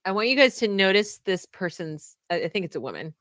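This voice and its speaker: A woman giving video commentary on a clip, talking with halting restarts and sudden emphasis. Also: medium pitch, big pitch swings, fairly bright tone, no room sound, clean studio sound. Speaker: online commentator.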